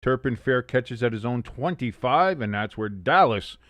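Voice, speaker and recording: A man hosts a live football watch-along, calling plays as they happen and reading chat between them. His pitch sits in the middle, he swings between eager calls and low, swearing asides, and the sound is close and dry with no room echo. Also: animated, normal speed, a bit bright. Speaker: host of a live sports watch-along stream. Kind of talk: casual live play-by-play commentary.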